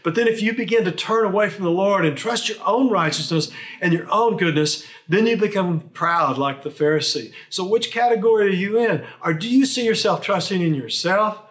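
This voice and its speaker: A man's voice: sits high, brisk, fairly bright tone. A man preaching a sermon as a pastor, earnest and emphatic, asking his listeners rhetorical questions.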